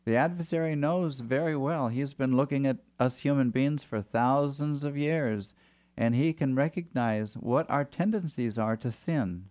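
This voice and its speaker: A man's voice: medium pitch, measured pace, a little mellow. A man hosting a Christian talk conversation, affirming and reflective. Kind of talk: christian talk show chat.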